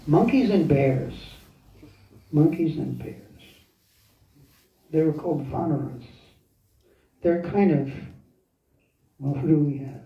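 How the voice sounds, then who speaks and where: Slow, unhurried man in an echoey hall. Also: a little high, vocal fry. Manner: slow, with pauses, searching for words and chuckling. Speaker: temple speaker. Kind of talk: devotional lecture, storytelling. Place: temple hall. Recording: echoey, dull, from far off.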